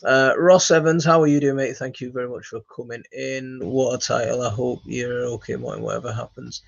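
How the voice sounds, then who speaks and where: A man hosting a gardening live stream, reading chat comments and answering in a halting, friendly way with lots of fillers and restarts. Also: mid-range voice, steady tone, vocal fry, dry recording. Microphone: phone. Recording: dry, dull lo-fi phone audio.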